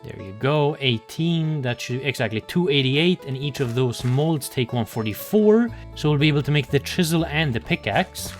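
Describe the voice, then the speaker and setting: A man's voice: medium pitch, animated, normal speed, hardly any pauses, soft background music. A young man talks his way through a survival game in casual commentary, muttering to himself. He swears freely and grumbles in exasperation when things go wrong. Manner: sing-song baby talk to animals. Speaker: gaming video creator.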